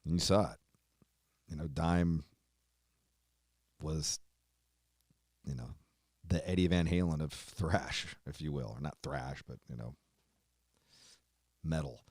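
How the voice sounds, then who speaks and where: A man hosting a show, giving an emotional tribute while on the verge of tears, swearing often and trailing off quietly. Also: extremely low pitch, slow, long pauses, dry recording, clean studio sound. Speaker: host.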